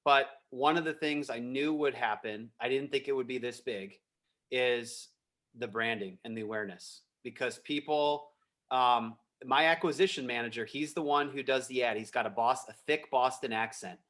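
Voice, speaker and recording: A man appearing as a guest on a podcast, a real estate investor telling stories about his business in a relaxed, animated way. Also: mid-range voice, normal speed. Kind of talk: casual interview chat.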